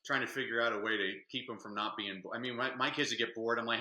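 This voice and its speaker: Bright, joking male guest. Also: on the low side, fast, hardly any pauses, echoey room, rough recording. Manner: energetic, joking storyteller. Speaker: guest, reading advocate. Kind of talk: casual interview chat.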